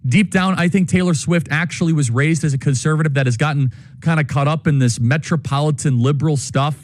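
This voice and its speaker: Man, political commentator, insistent monologue, slightly high voice, dry studio. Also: no room sound. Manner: earnest, insistent lecturing. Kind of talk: opinion monologue.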